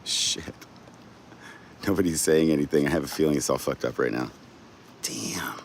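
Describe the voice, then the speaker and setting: A man's voice: extremely low pitch, moderate pace, vocal fry, a little hiss or hum. A man hosting a livestream, chatting casually with viewers, swearing freely, rambling and laughing often. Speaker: livestream host.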